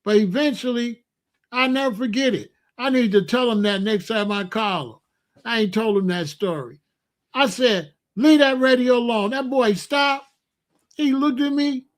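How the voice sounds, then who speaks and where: A middle-aged man, telling folksy stories at a casual, animated pace as the host of an online show, with loud exclamations. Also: very high voice, unhurried. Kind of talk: casual storytelling monologue.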